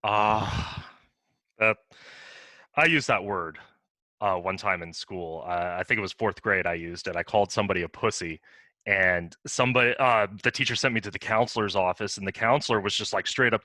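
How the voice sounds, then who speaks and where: A man hosting a casual chat, relaxed, laughing often and telling his own stories. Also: fairly low pitch, fairly quick, no echo. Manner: relaxed, laughs often, short agreeing replies.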